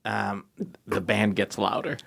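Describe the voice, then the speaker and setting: A man chatting casually as a podcast guest, laid-back and chuckling, slipping into animated impressions. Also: lowish voice, unhurried, gravelly, breathy edge. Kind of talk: casual chat.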